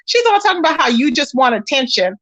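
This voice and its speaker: A woman's voice: high voice, very animated, fast talker, a bit bright. A woman hosting a casual gossip livestream. She talks emphatically and greets her viewers by name as she chats. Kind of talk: casual live-stream chat.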